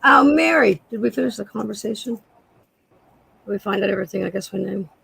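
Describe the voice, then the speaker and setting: A woman with a raspy voice, a guest seller chatting casually on a live sale and describing jewelry pieces. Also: medium pitch, fairly even intonation, fast, darkish tone, poor audio.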